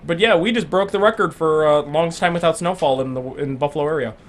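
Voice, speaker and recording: A man's voice: fairly high pitch, fast. A young man from Western New York co-hosting a casual chat, riffing sarcastically on the news with plenty of ums and restarts. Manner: sarcastic, joking, fillers and restarts. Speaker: podcast co-host.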